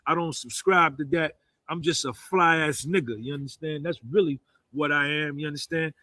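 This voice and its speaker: A man's voice: fairly high pitch, steady tone, moderate pace, pushed and bright. A man in his fifties with a New Jersey accent, delivering a boastful, rambling monologue full of "man" and "you understand". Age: 50s.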